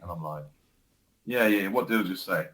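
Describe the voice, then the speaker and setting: A man co-hosting a casual podcast, telling stories with animated laughter. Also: deep voice, moderate pace, poor audio. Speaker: podcast co-host. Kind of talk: casual chat.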